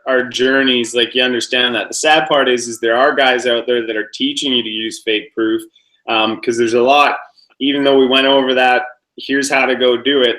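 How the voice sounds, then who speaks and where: Bright-voiced, easygoing podcast man. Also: mid-range voice, low-quality recording. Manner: easygoing and encouraging, speaks loosely and casually. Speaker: podcast co-host. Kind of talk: casual podcast chat.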